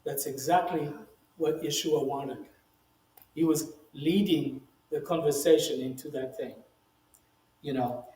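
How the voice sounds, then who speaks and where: A man's voice: on the high side, dark tone. A man, a rabbi, giving a conversational Bible teaching, emphatic and lifting his voice when he reads quoted speech, with frequent "you know" asides. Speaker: rabbi teaching the weekly Torah portion. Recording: roomy echo.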